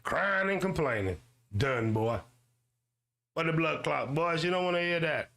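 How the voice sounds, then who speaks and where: Gravelly, swaggering ranting man host. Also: expressive, a little slow. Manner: loud swearing rant with slang and repetition; mocking high-pitched voices for others. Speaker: YouTube show host. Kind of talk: ranting commentary monologue.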